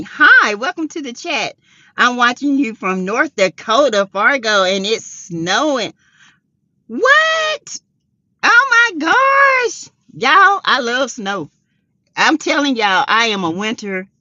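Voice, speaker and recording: A middle-aged woman hosting a casual livestream chat, greeting viewers by name and breaking into high excited exclamations. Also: no echo, highs cut off. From South Carolina. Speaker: livestream host.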